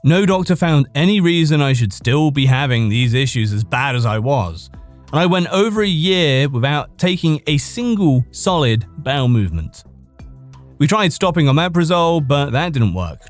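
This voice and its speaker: A man reading posts aloud for his podcast in a loose, casual way, his voice slightly high and very lively in pitch. He sometimes cracks up or trips over a word and carries on. Faint music plays behind him. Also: normal speed. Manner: reads casually, breaks into laughter and stumbles over words. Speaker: podcast host reading stories. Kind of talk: casual read-aloud narration of online posts.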